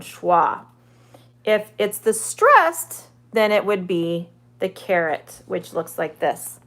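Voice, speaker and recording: A woman teaches English on a live stream, with a bright, clear tone. She talks unhurriedly, answers viewers' comments as they come in, and draws out each vowel sound with care. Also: lowish voice, animated. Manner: chatty, reads viewer comments aloud and answers them; sounds out vowels slowly and carefully. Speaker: online ESL teacher.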